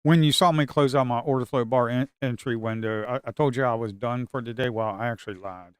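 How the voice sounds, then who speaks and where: A man, commenting live on his own futures trades. He swings from shouting at the market to muttering to himself. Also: medium pitch, fairly quick, smooth, dry recording, studio quality. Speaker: live trading streamer.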